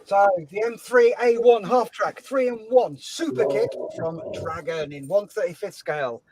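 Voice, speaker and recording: A man hosting a live-stream charity auction, brisk and upbeat, reading out chat comments and calling the time left. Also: sits high, lively intonation, a little mellow, slight background noise, low-quality recording. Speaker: host and auctioneer.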